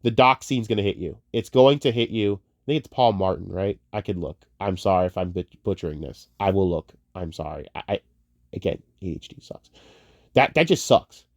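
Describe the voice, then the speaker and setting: Young male commentator, low voice, profane rambling rant, dry close sound. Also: fairly quick, no echo. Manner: profane, heated, rambling with tangents and restarts; swings from muttering to loud outbursts. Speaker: online commentator. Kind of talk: casual rant about movies.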